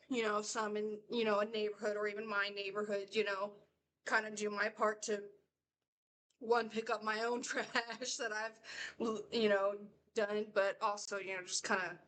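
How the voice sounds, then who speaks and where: A woman's voice: mid-range voice, a bit bright, slight background noise. A woman rambling through a casual reaction video, laughing often and circling back on her points. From United States. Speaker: reaction vlogger.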